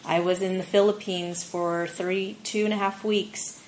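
A woman on a faith discussion panel, telling animated personal stories in a casual way. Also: medium pitch, a little slow, a little hiss or hum, low-quality recording. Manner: animated storyteller, acts out quoted voices.

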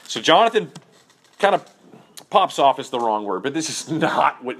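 Male Bible study leader, mid-pitched, chatty teaching with frequent check-ins. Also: sing-song, moderate pace, fairly bright tone, slightly rough. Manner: conversational, many fillers and "okay?" checks. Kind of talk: casual teaching.

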